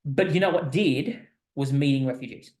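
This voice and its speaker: A man's voice: mid-range voice, normal speed, a little mellow, echoey room. A man who hosts as a psychologist gives explanatory commentary in a thoughtful, explaining manner, often checking in with the listener. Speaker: psychologist host. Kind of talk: explanatory commentary on a reader post.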